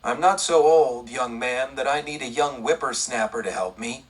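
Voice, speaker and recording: Brief: man reading a cranky old western lady, curt, husky, off-mic. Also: mid-range voice, normal speed, recorded from a distance, close to an everyday voice. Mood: scornful. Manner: curt and scornful. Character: scornful plump older frontier woman, proud.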